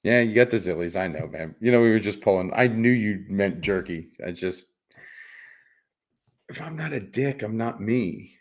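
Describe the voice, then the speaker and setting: A man's voice: lowish voice, expressive, normal speed. A middle-aged man hosting a casual livestream, rambling and teasing his chat with frequent chuckles and repeated words. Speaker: livestream host reading chat.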